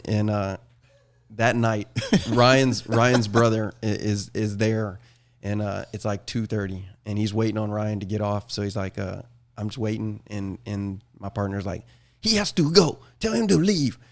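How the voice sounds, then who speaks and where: A middle-aged man hosting a podcast, swearing freely and telling animated stories with frequent laughter. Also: on the low side, measured pace. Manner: profane, animated storyteller, laughs often. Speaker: podcast host. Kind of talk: casual chat, storytelling.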